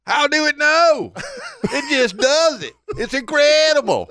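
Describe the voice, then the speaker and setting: Man putting on Southern redneck voices, high and squeaky, swooping drawl, close dry sound. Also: lively intonation, a little slow, sharp tone, dry recording, exaggerated voice. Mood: amazed. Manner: high-pitched, drawling, incredulous joke voices. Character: three rednecks from a joke, factory lunchroom workers.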